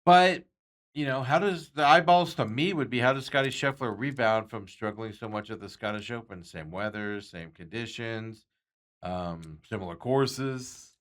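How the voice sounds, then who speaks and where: A man's voice: medium pitch, normal speed, fairly bright tone. A man hosting a sports talk show, chatting casually about bets and reading out viewer comments with frequent chuckles. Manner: rambling, chuckles often, reads out viewer comments. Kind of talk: casual sports betting chat.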